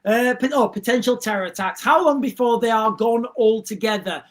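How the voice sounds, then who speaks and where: A man's voice: very high-pitched, moderate pace. A man hosting a livestream, reading out viewer comments and answering them in a rambling, blunt, repetitive way. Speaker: livestream host.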